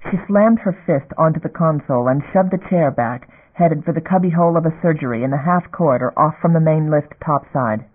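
Audiobook narrator, man, steady measured reading, fairly high voice, phone-like sound. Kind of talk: scripted narration. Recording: phone-like narrow band.

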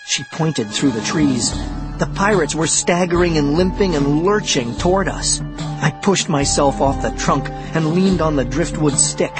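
A man narrating a children's adventure audiobook in the first person, with lively, dramatic storytelling. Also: fairly high pitch, measured pace, over music.

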